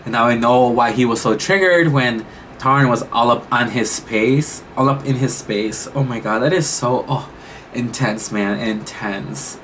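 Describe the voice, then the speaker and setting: A man's voice: mid-range voice, a little slow, a bit bright, slight background noise, rough recording. A young man reacting to a show episode, talking casually and emotionally with lots of exclamations and restarts. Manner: emotional, exclamatory, thinks aloud with many restarts. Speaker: reaction YouTuber.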